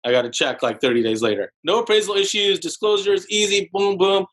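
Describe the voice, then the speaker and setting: A man in his forties, a podcast guest, telling his story in an animated, casual way with many fillers like "like". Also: brisk, low-quality recording. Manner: animated storyteller, heavy use of "like", jumps into higher voices for quotes. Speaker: podcast guest, real estate broker.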